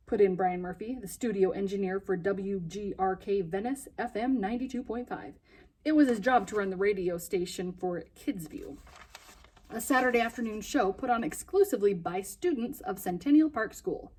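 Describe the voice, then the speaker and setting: A woman reading a children's novel aloud in a lively, expressive way, with a husky voice. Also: medium pitch, moderate pace.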